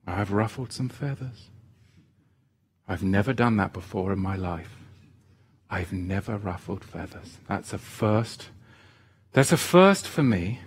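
Man teaching like a preacher, unhurried delivery, swinging pitch, earnest and pleading, repeats key phrases. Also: expressive, husky. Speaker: Bible teacher. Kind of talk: sermon-style teaching.

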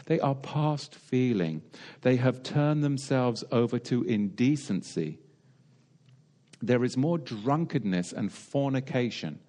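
A man's voice: medium pitch, a little mellow. A British man preaching a sermon in a wry, digressive way, full of rhetorical questions and asides. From Britain.

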